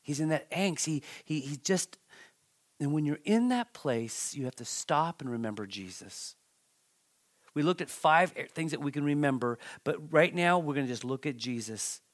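A man preaching with a voice pitched a little above the usual. He reads scripture with dramatic emphasis, then drops into casual asides to the congregation. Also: animated, normal speed. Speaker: pastor. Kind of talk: sermon.

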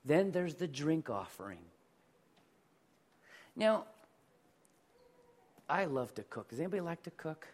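Man preaching a relaxed conversational sermon. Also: fairly high pitch, measured pace, long pauses, husky. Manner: conversational preaching, asks the congregation to repeat words. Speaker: pastor.

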